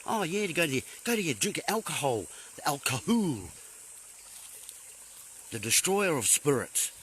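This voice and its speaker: A man's voice: a little high, very animated, moderate pace, a bit bright, a little hiss or hum, poor audio. A man hosting a live stream, talking in a rambling monologue full of playful puns, rhetorical questions and sudden exclamations.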